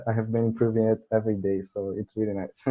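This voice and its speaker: A man from Brazil speaks English with a Brazilian accent in a mellow, warm-toned voice. He chats in a friendly, easygoing way, laughing often and restarting sentences as he searches for words. He is talking over an online video call. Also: lowish voice, level tone, fast, lo-fi sound. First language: Portuguese. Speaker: channel host, English learner. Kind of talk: casual conversation.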